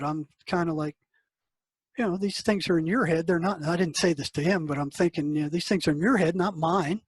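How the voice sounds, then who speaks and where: A man's voice: fairly high pitch, breathy edge, no echo, low-quality recording. An older man, a psychotherapist, telling a story in a casual, conversational way and acting out the dialogue. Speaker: psychotherapist guest. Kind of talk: storytelling interview answer.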